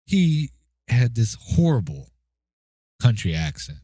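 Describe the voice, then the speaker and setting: A man's voice: mid-range voice, big pitch swings, slow, dark tone, no room sound. A man giving a casual spoken movie review, chatty and checking in with the listener as he goes. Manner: chatty, keeps asking "okay?" and "right?".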